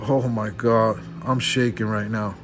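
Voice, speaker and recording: A man's voice: fairly low pitch, steady tone, a little slow, a bit bright. A man opening trading card packs on camera, awestruck and repeating exclamations of wonder. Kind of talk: excited unboxing commentary. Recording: background music.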